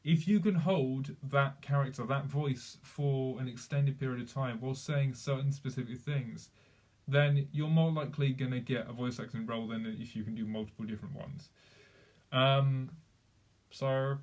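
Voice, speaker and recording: A young man talks casually to his live-stream viewers, rambling along with lots of fillers and restarts. His voice sits at an ordinary middle pitch. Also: fairly even intonation, moderate pace, darkish tone.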